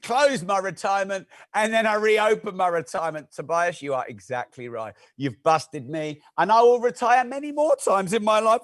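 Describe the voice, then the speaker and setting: With a fairly high male voice and a rapid, conversational pace, a man leads a live online teaching session. He keeps the energy up, bantering with his audience and greeting people by name.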